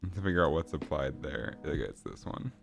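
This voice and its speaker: A man's voice: extremely low pitch, big pitch swings, a little fast, vocal fry, over music. Laid-back man chatting on a game-dev stream. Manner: rambling, swears, laughs, answers chat. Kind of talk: casual livestream chat.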